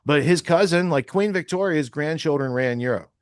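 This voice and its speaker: A man's voice: a little high, moderate pace, smooth, no echo, studio quality. A man hosting a podcast in casual talk, rambling and thinking aloud as he clicks through sources. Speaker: podcast host.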